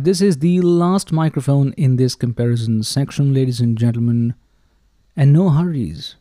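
Very dark-voiced showy podcast host man. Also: mid-range voice, dry recording, clean studio sound. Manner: showy, repeats "ladies and gentlemen". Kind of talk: casual microphone review talk. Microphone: handheld dynamic mic held close.

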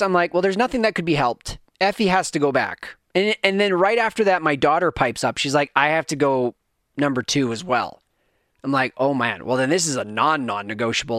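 A man's voice: medium pitch, fairly bright tone, no echo, studio quality. A man in his thirties telling a rambling family story in a casual monologue, acting out his kids' voices.

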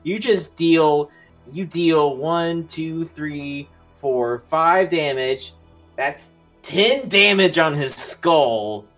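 A man's voice: on the high side, very slow, a bit bright. Man game master, laid-back narration, filler-heavy, faint music underneath. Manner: casual, swears, many "like" fillers.

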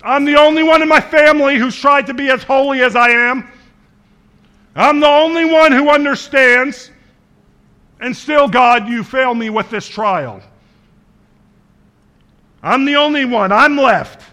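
Man voicing a despairing prophet, whiny, raised high, loud and strained. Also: unhurried, pauses often, exaggerated voice. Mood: self-pitying. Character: despairing self-pitying prophet, grown man.

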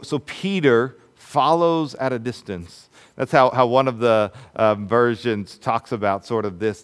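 A man preaching a sermon in a conversational way, with many fillers and restarts, who drops to a hushed voice for dramatic moments. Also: medium pitch. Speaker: pastor.

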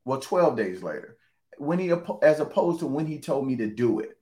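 A man preaching in a relaxed, conversational way. He hammers his points home by repeating phrases and pushes his voice up when he stresses something. His pitch sits at an ordinary middle for a man. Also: moderate pace. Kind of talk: sermon.

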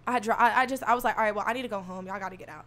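A soft-spoken young woman telling a story in casual talk, animated and profane, acting out what people said. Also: mid-range voice, very fast. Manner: animated, swearing, acts out quotes.

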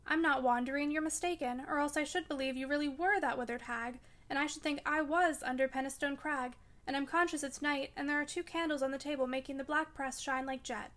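A woman's voice: sits high, fairly even intonation, brisk, hardly any pauses, a bit bright. A woman reading aloud as a feverish, delirious young woman, dreamy and frightened. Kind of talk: audiobook reading.

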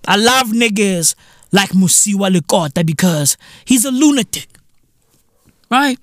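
A man's voice: sits high, lively intonation, measured pace, background noise. A man hosting a comedic solo podcast rant, profane and repetitive, full of "bruv" and "you feel me". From South Africa. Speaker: podcast host.

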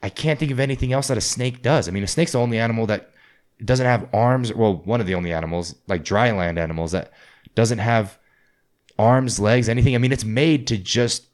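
Swearing freely, this man rambles through stories while chatting casually with friends. His voice is on the low side and his delivery brisk.

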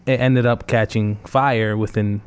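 Guy with a low smooth voice, guest on a radio show, rambly storytelling. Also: fairly even intonation, unhurried. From New England. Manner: loose, storytelling, many fillers. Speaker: guest, hip-hop event organizer. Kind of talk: casual radio interview.

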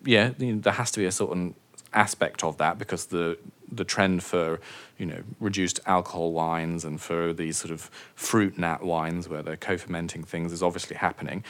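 A man's voice: low voice, fairly bright tone. A man, a wine auctioneer, chatting as an interview guest, joking and laughing often at himself. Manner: jokey, self-mocking, laughs often. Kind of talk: casual interview chat.

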